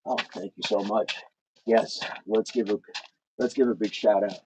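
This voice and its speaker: Greeting viewers by name as he walks in place, a fitness livestream host keeps things casual, upbeat, and encouraging. He speaks at a moderate pace in a fairly low, steady voice, over noisy stream audio.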